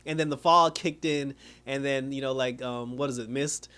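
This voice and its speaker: A man's voice: mid-range voice, fairly even intonation, normal speed, sharp tone, smooth. A man recapping a TV episode in a loose, rambling way, full of slang and filler words, often laughing as he goes. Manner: slangy street talk. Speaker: TV show reviewer.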